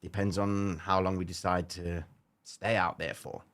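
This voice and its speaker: A man hosting a live trading stream, casually walking viewers through order-book levels and chatting with them, often checking in with a quick "okay?". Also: deep voice. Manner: casual, animated, talks straight to viewers with frequent "okay?".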